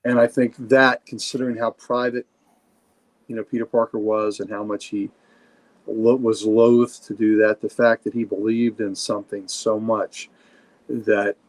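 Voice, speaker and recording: A man's voice: on the low side, level tone, a little slow. A man co-hosting a comics podcast, chatting casually and telling a story with enthusiasm. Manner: enthusiastic, storytelling, frequent fillers. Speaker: podcast co-host.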